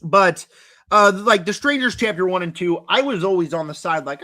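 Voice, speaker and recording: A man's voice: high voice, lively intonation, normal speed, sharp tone. A young man reviewing horror movies in a casual vlog, talking in a rambling, emphatic way full of fillers, his voice now and then cracking. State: voice cracking, throat-clearing.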